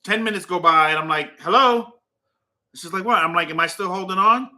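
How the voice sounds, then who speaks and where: A man's voice: high voice, fast talker, bright, forceful tone. A man hosting a casual chat, playfully teasing his wife while he tells stories. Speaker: host.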